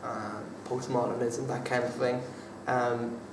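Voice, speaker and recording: A man's voice: medium pitch, little pitch movement, a little slow. A young man, a drama student, answering interview questions in a casual, hesitant way with many fillers and restarts. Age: young adult. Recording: echoey room from far off, faint background noise.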